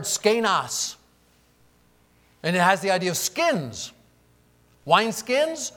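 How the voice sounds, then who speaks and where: During his sermon, this pastor voices the people he quotes, shifting back and forth from booming emphasis to quiet, hushed delivery.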